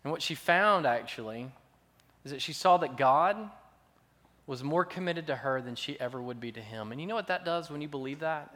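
A man preaching a sermon as pastor, earnest and measured, building to emphatic swells. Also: mid-range voice, a bit bright. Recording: long reverb of a large hall.

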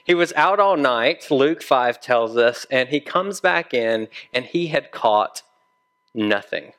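Male pastor, sermon, storytelling, plays out the dialogue, mid pitch. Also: lively intonation, takes it slowly, a bit bright. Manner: conversational storytelling, acts out dialogue.

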